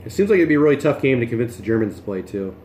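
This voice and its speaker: A jokey man chats his way through a cooking livestream, talking while he moves things around and eats. His voice sits at an ordinary middle pitch. The room rings back around him, with a faint hum in the background. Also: sing-song, very fast, a little mellow, reverberant. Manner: chatty, jokey, talks while moving and chewing. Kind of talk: casual livestream chat. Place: home kitchen.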